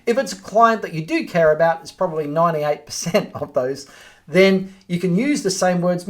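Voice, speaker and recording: A man's voice: high-pitched, normal speed, fairly bright tone. A man giving a direct training talk to real estate agents, acting out sample phone scripts as he goes. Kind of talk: instructional talk to camera.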